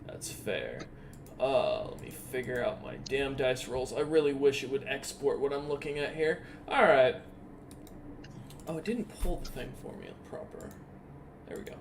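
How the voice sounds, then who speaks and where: A man's voice: mid-range voice, expressive, slight background noise. A man running an online tabletop game as dungeon master, talking casually with lots of ums and uhs and the odd curse. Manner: casual, profane, halting with many ums and uhs.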